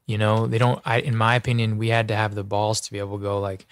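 A man who is an actor, talking as a podcast guest in an earnest, expressive way, his voice jumping up when excited. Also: on the low side, quick pace, clean tone, no room sound, studio quality. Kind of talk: casual interview chat.

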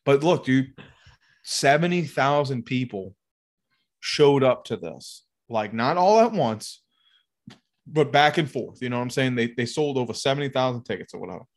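A man with a middle-pitched voice spins a rowdy anecdote in loose, casual chat. He swears freely and throws himself into the telling, jumping into higher, frantic voices when he acts out other people. The delivery is loose and conversational. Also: lively intonation, normal speed. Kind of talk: casual profane storytelling.

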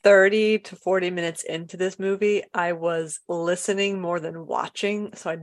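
A woman's voice: lowish voice, steady tone, normal speed. A woman in a casual film podcast chat, speaking in a dry, matter-of-fact way.

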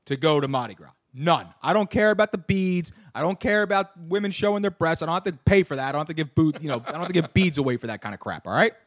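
A man's voice: fairly high pitch, expressive, fast, hardly any pauses. A man hosting a radio talk show, brash and profane in casual banter.

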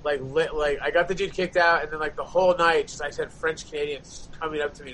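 A man with a notably high-pitched voice tells a rambling, heavily profane story, thick with "like" and "you know". Faint background ambience sits under his voice. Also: fairly even intonation, fast talker, few pauses, sharp tone, a little hiss or hum, rough recording. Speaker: touring band member telling a story. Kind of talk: casual chat.

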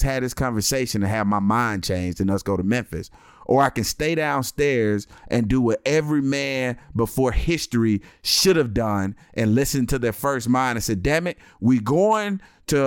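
A man's voice: mid-range voice, smooth, dry recording, clean studio sound. A man in his thirties telling a comic story in casual chat and acting out the other people in it. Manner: animated, acts out other people's lines.

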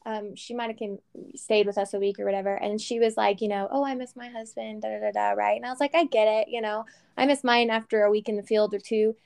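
A woman's voice: medium pitch, steady tone, quick pace, vocal fry, darkish tone, smooth. A woman in her thirties co-hosting a casual chat, frank and chatty, laughing often and swearing lightly. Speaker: podcast co-host.

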